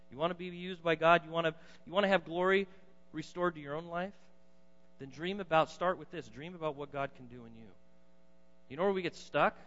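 Man, pastor, sermon, loud-to-soft delivery, fairly high voice, dull lo-fi recording. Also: fairly quick. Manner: swings between loud emphatic bursts and quiet low asides. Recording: dull lo-fi sound in a reverberant hall.

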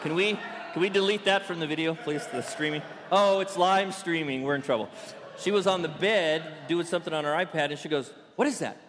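A man preaching a sermon to a congregation in a playful, animated storytelling way. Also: fairly high pitch, brisk, long reverb tail, a little hiss or hum. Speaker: pastor. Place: church sanctuary.

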